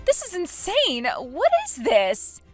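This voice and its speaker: A woman voicing a young woman who is entitled and indignant, talking in a high, whiny, outraged tone. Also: wildly swooping pitch, slow, faint music behind, heavily acted.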